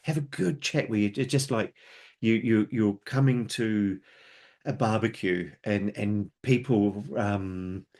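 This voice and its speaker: A man's voice: lowish voice, slow, a little mellow. A man presenting a webinar, talking unscripted and conversationally, explaining ideas through homely analogies and stories.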